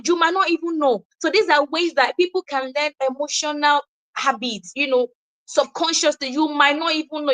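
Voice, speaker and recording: A young woman with a Nigerian accent giving an informal teaching session, animated and quick to laugh, acting out the people she quotes. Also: high-pitched. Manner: animated, acts out quoted voices, laughs often. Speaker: wellness speaker.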